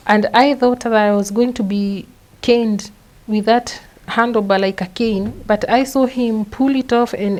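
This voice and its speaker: A young adult woman with a Kenyan accent, a guest recounting her own story in halting, step-by-step speech with frequent repeated words. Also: mid-range voice, a little mellow, rough recording. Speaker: interview guest. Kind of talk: personal testimony.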